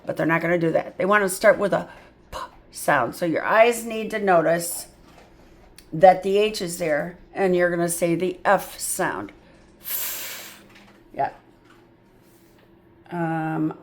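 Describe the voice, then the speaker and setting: A woman tutoring phonics, patiently sounding out letters and words, with chatty asides of "yep" and "mm-hmm". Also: mid-range voice. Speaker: reading tutor. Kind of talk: phonics lesson.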